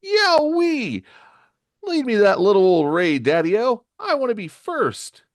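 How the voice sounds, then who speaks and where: A man's voice: sing-song, slow, no echo, full character voice. A man doing a whooping, hotheaded young hero. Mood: gleeful. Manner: whooping, slangy, shrill. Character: hotheaded excitable young male flying hero.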